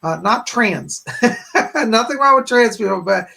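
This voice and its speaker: Man, psychic medium, live-stream host, casual rambling chat, gravelly, husky. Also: extremely high pitch, lively intonation, measured pace, pushed and bright. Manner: chatty and rambling, greeting viewers by name.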